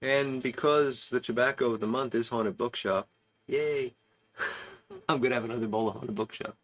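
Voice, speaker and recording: A man's voice: medium pitch, normal speed, fairly bright tone. A man hosting a casual online pipe-smoking club, rambling through stories and chuckling as he reads out comments. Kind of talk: casual chat.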